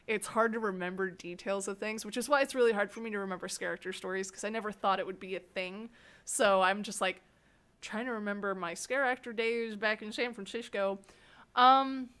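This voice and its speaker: A woman hosting an interview, telling rambling anecdotes in a casual, animated way and laughing often. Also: mid-range voice. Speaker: host interviewing a fellow scare actor. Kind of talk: casual storytelling chat.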